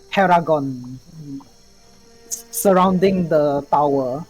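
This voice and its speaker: A woman narrating a tabletop game as game master, describing scenes in a halting way with frequent restarts. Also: sits low, mellow, soft background music, poor audio.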